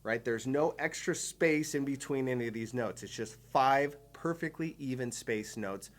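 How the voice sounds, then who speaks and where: A man's voice: mid-range voice, moderate pace. A man giving a drum lesson, explaining patterns step by step with enthusiasm and counting beats aloud. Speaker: drum teacher. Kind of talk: instructional video lesson.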